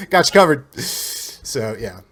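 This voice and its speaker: Animated, rambling man telling stories. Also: high-pitched. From Cincinnati, USA. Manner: animated, rambling with restarts and laughs. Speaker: guest. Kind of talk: casual storytelling interview.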